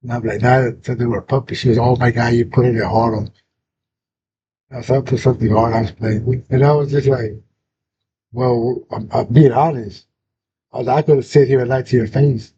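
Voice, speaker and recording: A man's voice: steady tone, fairly quick. A young man, hosting a casual chat and telling a story full of slang and swearing. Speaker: host. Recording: dull lo-fi sound with faint rumble.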